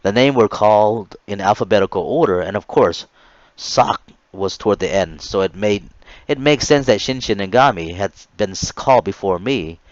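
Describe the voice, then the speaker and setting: A man in his late thirties reads a chapter of his own memoir aloud in an earnest, low voice, now and then tripping over a word and starting again. The recording is dry and a little dull. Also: animated, moderate pace, dry recording. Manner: earnest reading with small stumbles and restarts. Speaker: author reading his memoir.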